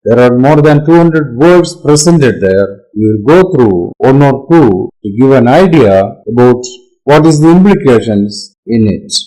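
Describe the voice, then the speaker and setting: A man with an Indian English accent presents teaching software, explaining each point slowly and deliberately. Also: mid-range voice, expressive, low-quality recording. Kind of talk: explanatory demo talk.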